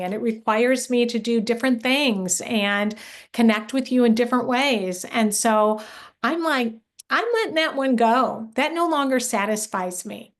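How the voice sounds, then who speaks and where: A middle-aged woman leading a workshop for moms, speaking in an earnest, encouraging way and putting questions straight to her listeners. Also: a little high. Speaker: workshop leader and coach for moms. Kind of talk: live online workshop talk.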